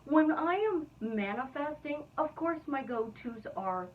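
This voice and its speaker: A woman's voice: high-pitched, expressive, a little slow, few pauses, muffled recording. Playful woman vlogging, slightly distant. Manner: playful and upbeat. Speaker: manifestation coach. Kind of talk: casual vlog teaching.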